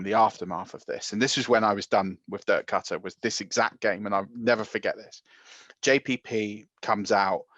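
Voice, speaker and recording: A fairly low-voiced man co-hosts a casual sports podcast. He tells stories animatedly, sometimes rushing. The sound is dry and a little muffled, with no room echo. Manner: animated storytelling, quick runs of speech. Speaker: podcast co-host.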